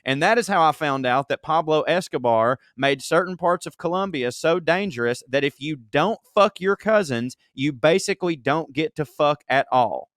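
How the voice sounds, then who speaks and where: Smooth-voiced man reading emails aloud. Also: a little high, moderate pace, hardly any pauses, no echo, clean studio sound. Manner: animated storytelling, laughs while reading. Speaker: podcast co-host reading listener emails. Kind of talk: casual comedic podcast banter.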